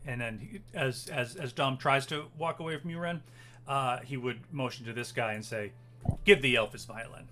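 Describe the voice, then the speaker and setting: Bright-voiced man running a tabletop game. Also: medium pitch, normal speed. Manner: loose, hesitant, full of fillers. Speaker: game master.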